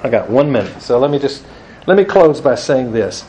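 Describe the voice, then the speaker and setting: A man's voice: mid-range voice, big pitch swings, moderate pace, a little mellow, a little hiss or hum, poor audio. A man preaching to a live group, telling stories and acting out the people he quotes with a chuckle. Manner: storytelling, acts out quoted voices, chuckles. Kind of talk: evangelism teaching talk to a live group.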